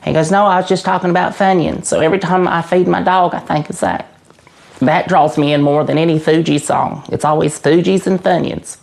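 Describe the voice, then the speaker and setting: A man doing a creaky, stammering oddball twin. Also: on the high side, fairly even intonation, low-quality recording. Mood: rambling. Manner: halting, earnest, stammering. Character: awkward earnest adult man, twin brother. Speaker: interview guest. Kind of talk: mock interview comedy.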